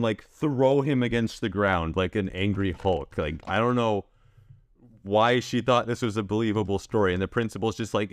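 A young man hosting a gaming video, telling a school story in a sarcastic, deadpan way with lots of restarts. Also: fairly low pitch, no echo. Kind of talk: casual storytelling over gameplay.

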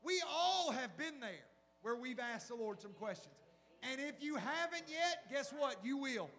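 A middle-aged man preaches in a very high voice for a man, animated, firing rhetorical questions at his listeners. His voice rings out with a long hall reverb. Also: unhurried. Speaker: pastor. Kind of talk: sermon.

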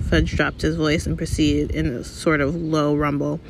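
A woman reading a chapter of a novel aloud in a measured, even storytelling manner. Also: sits low, vocal fry, a little hiss or hum. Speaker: reader. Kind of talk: read-aloud audiobook narration.

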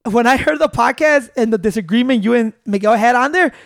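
A man hosting a podcast, telling a story in animated, swearing casual chat with Spanish words mixed in. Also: very high-pitched, brisk, gravelly, dry recording, clean studio sound. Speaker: podcast host.

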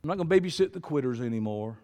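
An older man preaching a sermon, telling stories and swinging from low asides to loud shouts. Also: animated, very fast. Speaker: pastor. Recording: long hall reverb.

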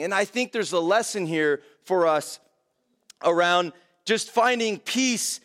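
A man's voice: sits high, animated, takes it slowly, fairly bright tone. A young man preaching a casual verse-by-verse sermon, talking conversationally and filling with "man" and "like". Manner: conversational, many fillers like "man" and "like". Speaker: pastor.

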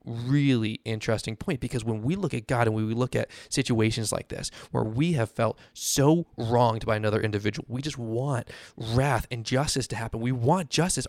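A man's voice: mid-range voice, a little mellow, no room sound. A man hosting a podcast, talking through a Bible passage in a casual teaching style, often checking in with "right?". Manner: conversational, often adds "right?". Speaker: podcast host.

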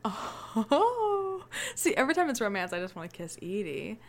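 Excitable swearing woman podcast co-host. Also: a little high, moderate pace. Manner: excitable, swearing, laughing often. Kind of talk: casual chat.

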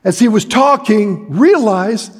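A middle-aged man preaching a sermon, telling a story dramatically and shouting at its peaks. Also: sits high, expressive, takes it slowly, slightly rough. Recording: long hall reverb.

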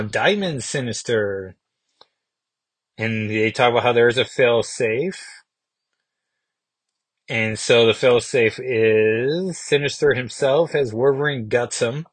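Man, comic podcast host, husky voice, dry close sound, casual musing recap. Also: medium pitch, no room sound. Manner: musing, thinks aloud with small restarts.

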